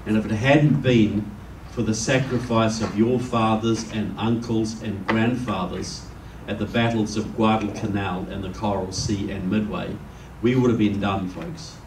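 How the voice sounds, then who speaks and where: A man's voice: lowish voice, steady tone, measured pace, few pauses, a little mellow, a little hiss or hum. A man from New Zealand with a New Zealand accent giving a public speech to a live audience, telling stories and jokes in a conversational way. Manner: conversational storyteller, jokes with the crowd. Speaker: guest speaker. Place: meeting room with an audience. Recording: echoey room, distant mic.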